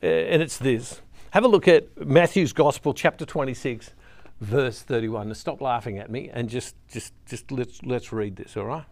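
A man's voice: mid-range voice, normal speed. A middle-aged man gives an earnest, conversational Catholic devotional talk, repeating phrases for emphasis. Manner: earnest, conversational, repeats words when stressing a point. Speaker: Catholic speaker.

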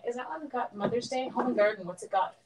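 A woman's voice: fairly high pitch, fast, background noise. Chatty middle-aged woman hosting craft stream. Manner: chatty, greets viewers by name as she works. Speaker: papercraft demonstrator hosting a live stream. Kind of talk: casual live-stream craft demo.

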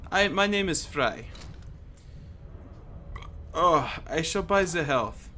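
Man putting on a hammy mock German accent, stiff formal phrasing, slow bright voice. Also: a little high, lively intonation, slight background noise, heavily acted. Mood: pompous.

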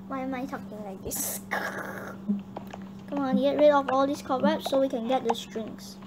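A young girl hosting her gaming channel, chatting excitably and bossing her teammate around. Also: high-pitched, unhurried. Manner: excitable, chatty, bossy toward her partner. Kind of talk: casual gameplay chat. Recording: noisy home recording.

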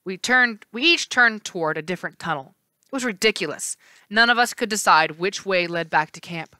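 A woman teacher reading a novel aloud in a steady storytelling voice with small slips. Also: mid-range voice, normal speed, clean tone, no echo.

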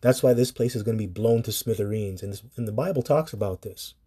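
Man preaching, rambling and mellow. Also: on the low side, fast talker, slightly rough. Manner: rambling, preachy, swears casually, laughs at times. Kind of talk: informal online sermon.

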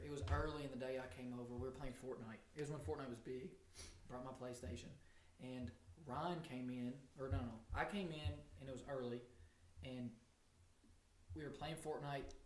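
A man's voice: medium pitch, roomy sound. A young man telling stories in casual chat with friends on a podcast, laughing often. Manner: laughing storyteller. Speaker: podcast co-host.

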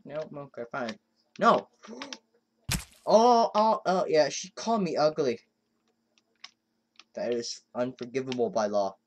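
Excitable woman doing game commentary. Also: rumbling low, slow, long pauses, a little hiss or hum. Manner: excitable, exclaiming, frustrated self-talk. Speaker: let's play host. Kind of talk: gameplay commentary.

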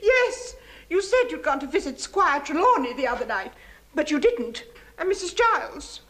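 An actress playing a jealous, lovesick spinster who wails and sobs theatrically in a 1970s British film comedy. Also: female voice, high-pitched, sing-song, normal speed, fairly bright tone. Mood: reproachful. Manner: tearful, wailing and theatrical.

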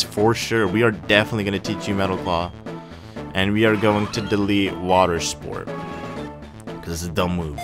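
A young man giving casual, excitable gameplay commentary, swearing and reacting loudly. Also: lowish voice. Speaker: let's play gamer. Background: game music.

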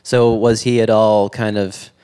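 A man's voice: on the low side, little pitch movement, a little slow, dark tone, clear, resonant tone. A man hosting a podcast interview, asking questions in an easygoing way and often answering with short yeahs and mm-hmms. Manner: easygoing, with frequent short backchannels. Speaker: podcast host. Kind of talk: casual interview chat.

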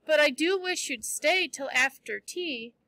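A woman's voice: sits high, animated, measured pace, sharp tone, no echo, exaggerated voice. A woman reading aloud as a talkative, imaginative girl, pleading with breathless restarts.

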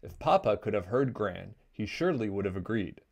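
A man reading a children's picture book aloud in an expressive storytelling manner. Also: lowish voice, fairly quick, vocal fry.

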